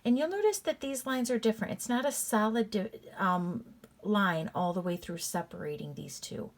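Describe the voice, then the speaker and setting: A woman teacher gives a recorded reading lesson in a medium-pitched voice. She works through patterns deliberately, step by step, repeats them, and addresses her students as "you guys."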